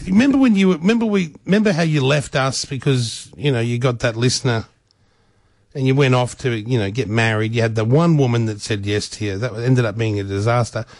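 A man's voice: medium pitch, brisk, no echo. A man with an Australian accent hosting a radio show, teasing his co-workers in crude, mocking banter. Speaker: radio host.

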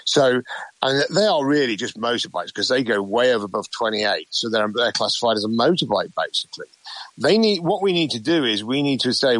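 A man, a campaigner, speaking haltingly with many restarts in a radio interview. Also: mid-range voice, lively intonation, a bit bright, no room sound, low-quality recording. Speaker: campaigner guest. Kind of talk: phone-in interview.

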